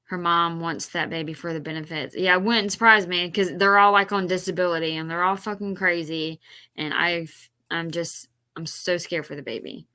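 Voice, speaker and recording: A woman's voice: on the low side, steady tone, normal speed, sharp tone, clear, resonant tone. A woman commenting on a livestream in a blunt, exasperated, casual way, with many fillers.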